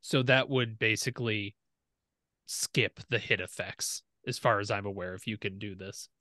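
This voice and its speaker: A young man running a tabletop game, explaining rules in a relaxed way with fillers. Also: lowish voice, moderate pace, no echo, clean studio sound. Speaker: game master.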